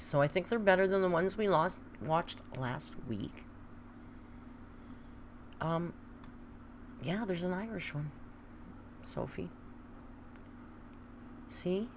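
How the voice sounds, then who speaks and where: A woman's voice: lowish voice, a little hiss or hum. A woman hosting a casual live stream, chatting playfully and cooing at her pet between remarks to viewers. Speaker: livestream host.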